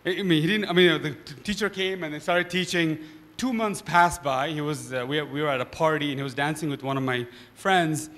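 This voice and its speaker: A man speaking on a discussion panel, an animated storyteller who often tags his points with "right?". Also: a little high, fairly quick, big-room sound. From Nepal.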